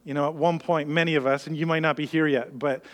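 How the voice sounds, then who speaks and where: An earnest man preaching a sermon in a high, light voice. He talks to the congregation conversationally and slips into the worried inner voices of his listeners. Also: steady tone, quick pace. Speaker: pastor.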